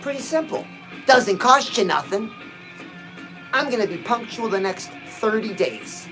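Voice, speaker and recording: A man's voice: sits high, sing-song, a little slow, over music, rough recording. A man giving a punchy, exhorting motivational pep talk to his viewers, dropping frequent "oh"s as he talks. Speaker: motivational livestream host.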